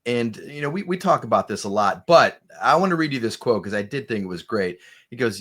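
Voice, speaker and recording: A man hosting a casual sports podcast, chatty and quick to laugh. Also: medium pitch, expressive, a bit bright. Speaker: host.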